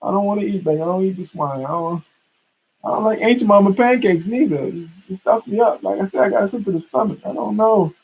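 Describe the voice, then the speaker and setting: A man putting on the voice of a whining, self-pitying grown man, in exaggerated mockery, his voice high and husky. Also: fast, a little mellow, heavily acted, low-quality recording. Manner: whiny, complaining, exaggerated mocking.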